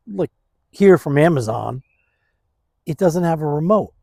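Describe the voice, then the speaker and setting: A man vlogging casually outdoors in his backyard, talking slowly into a phone on a stand, rambling and laid-back, saying "man" and "dude" a lot. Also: fairly high pitch, warm tone, no room sound, clean studio sound. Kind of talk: casual vlog chat.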